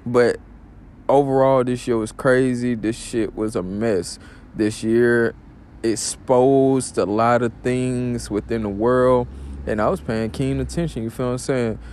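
A man's voice: mid-range voice, fairly even intonation, a little slow, darkish tone, a little hiss or hum. Rambling slangy man hosting a podcast. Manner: loose, rambling, slangy, filler-heavy. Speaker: podcast host. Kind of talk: casual monologue.

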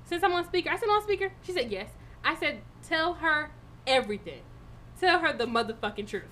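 A woman's voice: high voice, expressive, fairly quick, pushed and bright, slight background noise. A woman co-hosting a podcast, telling a story in a casual chat, with lots of laughter and swearing. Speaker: podcast co-host.

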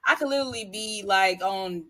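A woman's voice: brisk, bright, forceful tone. A woman co-hosting a podcast, talking casually and with exasperation, full of "like" fillers. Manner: exasperated, many "like" fillers, swoops high. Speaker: podcast co-host. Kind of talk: casual chat.

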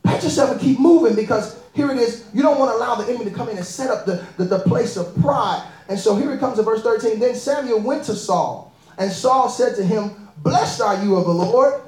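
A woman preaching a sermon in a lively, animated way, often laughing and calling out to the congregation. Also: fairly high pitch, brisk. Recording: echoey room.

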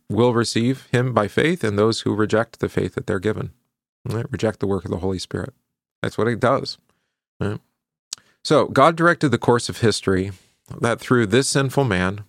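A man's voice: fairly low pitch, no room sound, clean studio sound. A middle-aged male pastor reading scripture aloud, then explaining it in a loose, conversational teaching manner with fillers and asides.

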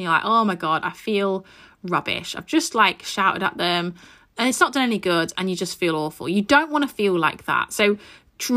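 A woman's voice: medium pitch, pushed and bright. A woman hosting a solo parenting podcast from her mother's house, chatting in a reassuring way and offering tips. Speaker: podcast host. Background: aeroplane overhead at times.

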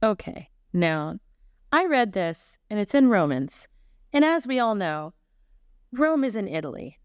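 A woman's voice: medium pitch, very animated, unhurried, darkish tone, smooth, dry recording, clean studio sound. A woman co-hosting a missionary podcast, talking through Bible passages in a chatty, playful way with frequent laughs. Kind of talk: casual Bible-teaching chat. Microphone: podcast microphone.

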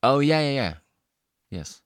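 A man's voice: medium pitch, sing-song, unhurried, no echo, clean studio sound. A man co-hosting a podcast in loose casual chat, rambling with lots of "like" fillers and offhand swearing. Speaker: podcast co-host.

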